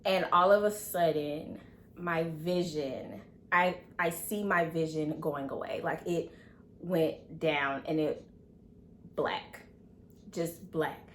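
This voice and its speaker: A woman in her twenties telling a personal story in an animated way, acting out quoted dialogue with many fillers. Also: sits low, takes it slowly, slight background noise. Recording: echoey room.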